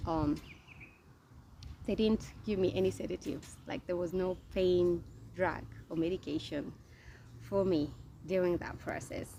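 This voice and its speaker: A woman's voice: lowish voice, warm tone, a little hiss or hum. A young woman casually telling her birth story to viewers, chatty and direct.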